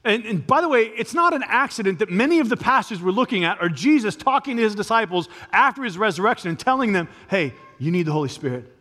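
A man's voice: high voice, expressive, quick pace, hardly any pauses, bright, forceful tone. A man preaching a sermon as pastor, talking conversationally and building to emphatic peaks. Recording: long reverb of a large hall.

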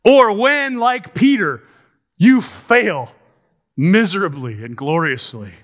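A man delivers a sermon in an emphatic, questioning style, slowing down to lean on key words. His voice sits a touch higher than most men's. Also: animated, a bit bright. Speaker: preacher.

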